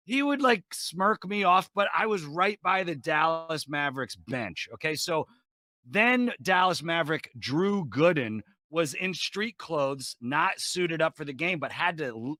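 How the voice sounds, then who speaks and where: Brash bright-voiced male comic. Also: fairly high pitch, dry recording. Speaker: comedian guest. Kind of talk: animated comic storytelling. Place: home, video call.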